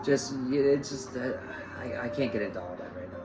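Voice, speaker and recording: A man's voice: medium pitch, normal speed, music in the background, poor audio. A man giving an off-the-cuff spiritual talk, rambling and repeating phrases with lots of fillers. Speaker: spiritual host.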